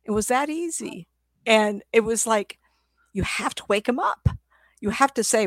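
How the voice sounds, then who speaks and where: A woman's voice: a little high, lively intonation, moderate pace, dry recording. A middle-aged woman, a psychic medium, telling stories in a casual, rambling way, often laughing. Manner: rambling, laughs often, acts out quoted voices. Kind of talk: casual storytelling talk.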